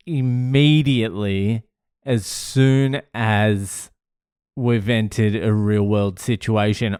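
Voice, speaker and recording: A man's voice: on the low side, steady tone, slow, darkish tone, clean tone, no room sound, clean studio sound. A man telling a story to camera in a blunt, sweary way, getting worked up as he talks. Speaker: vlogger.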